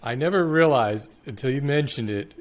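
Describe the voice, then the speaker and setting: A man's voice: mid-range voice, expressive, normal speed. A man co-hosting a podcast, joking around and bantering with the guest in an amused way. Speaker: podcast co-host. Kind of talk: casual interview chat.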